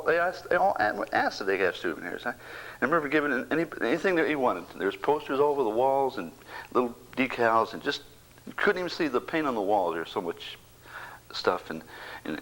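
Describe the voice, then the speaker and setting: A man in his sixties, a bereaved father, giving a halting personal faith testimony that keeps repeating words and slips into whispers. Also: lowish voice, a bit bright, low-quality recording.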